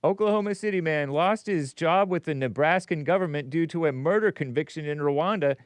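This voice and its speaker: On a casual radio call-in program, a man with a voice on the high side talks briskly, meandering through his thoughts, interrupting himself mid-phrase and laughing softly. There's no room sound in the recording.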